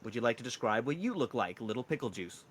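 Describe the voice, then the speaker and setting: A man's voice: medium pitch, very animated, fast talker, fairly bright tone, slightly rough. A man narrating as dungeon master in a casual, rambling way. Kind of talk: narrating a tabletop game.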